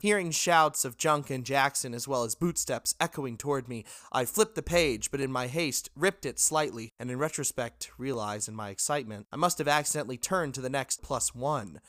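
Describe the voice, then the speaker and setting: A man reading a literary first-person story aloud in a measured way. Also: medium pitch, fairly bright tone, no echo, clean studio sound. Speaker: narrator.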